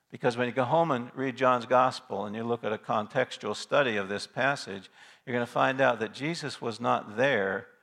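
A man's voice: mid-range voice, a bit bright. A male pastor preaching a sermon in an emphatic way, stopping to ask his listeners rhetorical questions.

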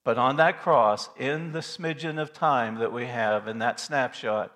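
A man preaching a sermon in a church, earnest and emphatic, repeating phrases and dropping from loud to hushed. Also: medium pitch, unhurried, few pauses. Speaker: pastor.

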